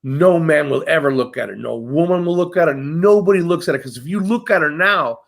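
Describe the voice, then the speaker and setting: A man's voice: a little high, a little fast, creaky. A man retelling myths in a casual, rambling chat, swearing constantly. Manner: profane, rambling, animated.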